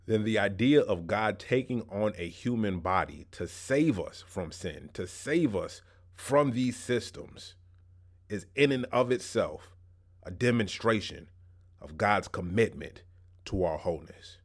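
Man, pastor, sermon, lowish voice, conversational, casual slang, pace shifts between slow emphasis and quick asides. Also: animated. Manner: uneven pace, slowing for emphasis and rushing asides.

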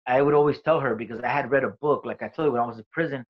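A man's voice: medium pitch, very fast. A man guest on an interview, a comedian telling his own story in a casual, profane, streetwise way, acting out quoted dialogue. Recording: dull lo-fi recording.

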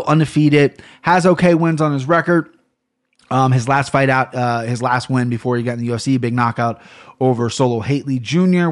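A man hosting a casual sports betting podcast, chatty and rambling, often correcting himself mid-sentence. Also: on the high side. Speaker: podcast host. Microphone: headphones on a studio setup.

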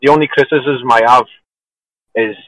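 A man's voice: medium pitch, steady tone, moderate pace, a bit bright, no room sound, low-quality recording. A man calling in to a football show while driving back from the match, giving his enthusiastic analysis in short clauses. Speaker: caller. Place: car, driving.

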